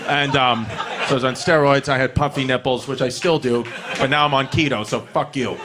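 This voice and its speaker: A man's voice: medium pitch, fairly even intonation, brisk. A male stand-up comedian in his thirties with a New York accent, telling a brash, profane, self-mocking story in a rambling rush. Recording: comedy club set with audience noise.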